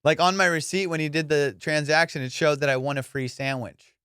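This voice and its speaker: A young adult man, a comedian and podcast host, telling stories in a loose casual way, swearing a lot and jumping into high, squeaky voices whenever he quotes himself or others. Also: steady tone, fairly quick, a bit bright, clean tone, dry recording, studio quality. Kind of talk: casual storytelling.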